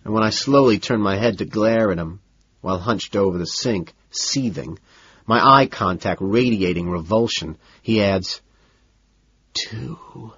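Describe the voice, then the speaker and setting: A man narrating a novel in the first person with a cool, measured, low-key delivery. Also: a bit bright, breathy edge, dry recording, muffled recording. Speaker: audiobook narrator.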